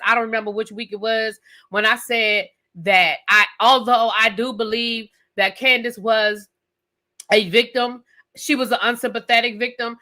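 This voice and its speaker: A woman's fairly high voice comes across pushed and bright as she rants about a reality TV show on a live stream. She swears emphatically and talks right to the people watching.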